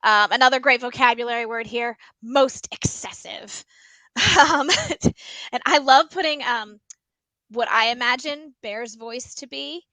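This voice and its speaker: A woman's voice: on the high side, moderate pace, bright, forceful tone, no room sound, low-quality recording. A woman librarian giving casual teaching tips about reading picture books aloud, chatty and full of ums. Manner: chatty, many ums, explains by example. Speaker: school librarian.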